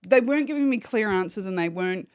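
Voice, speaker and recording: A woman's voice: medium pitch, animated, fast, clear, resonant tone, no room sound. A woman tells her story as a podcast guest. She is candid and swears freely, and she acts out the phone calls in quotes. Her voice sits in a middle range and is recorded close and dry. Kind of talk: emotional personal account.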